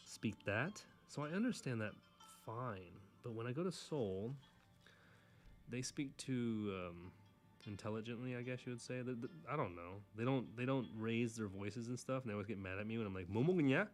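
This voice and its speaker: A young man casually chatting while he draws, rambling and correcting himself as he goes. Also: lowish voice. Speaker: artist drawing on camera. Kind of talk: casual chat while drawing.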